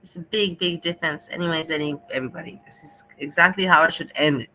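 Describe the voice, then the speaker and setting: A woman's voice: low voice, quick pace, few pauses, bright, forceful tone, slight background noise, low-quality recording. A woman hosting a casual livestream, chatting affectionately and playfully with her viewers. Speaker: livestream host.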